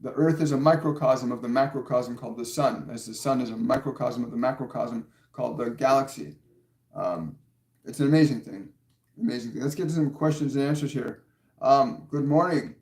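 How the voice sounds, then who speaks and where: A man's voice: mid-range voice, a little fast, a little mellow. Guy doing a channeled spiritual live stream, earnest, keeps stressing words, echoey room. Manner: earnest, insistent, repeats key words for stress. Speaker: spiritual medium answering viewer questions.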